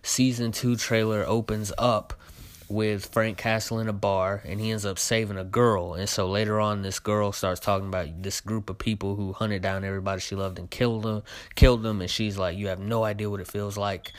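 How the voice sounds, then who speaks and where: A man's voice: on the low side, flat delivery, moderate pace, no room sound. A young man hosting his own show, giving a casual spoken review of a trailer, full of fillers and heated complaints.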